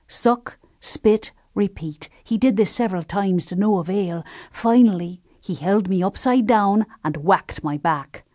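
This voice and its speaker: Slow, measured woman narrating a novel. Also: medium pitch, no room sound, studio quality. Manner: measured, gentle storytelling. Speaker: audiobook narrator. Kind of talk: scripted first-person narration.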